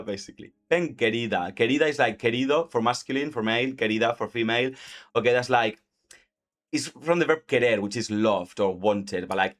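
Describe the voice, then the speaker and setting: A Spanish-speaking man, casually teaching Spanish while gaming, chatty and full of "like". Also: on the low side. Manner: chatty, heavy use of "like", laughs often. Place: at home. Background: faint game music.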